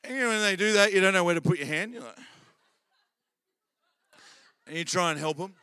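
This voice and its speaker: Male preacher, high-pitched and bright, jokey storyteller who builds to loud exhortation. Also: lively intonation, rapid-fire, clear, resonant tone, dry recording. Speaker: pastor. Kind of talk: sermon.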